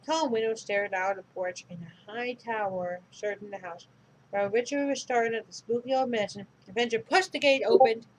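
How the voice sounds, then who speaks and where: A woman's voice: fairly high pitch, brisk, a little hiss or hum, low-quality recording. A woman reading a storybook aloud in a casual, unpolished way, chatting to viewers in asides. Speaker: storybook reader.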